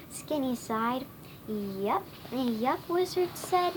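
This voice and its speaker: A woman's voice: fairly high pitch, slight background noise, low-quality recording. A woman reading a children's storybook aloud, stumbling and restarting words often. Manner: halting, stumbling reading with many restarts and self-corrections. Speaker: reader.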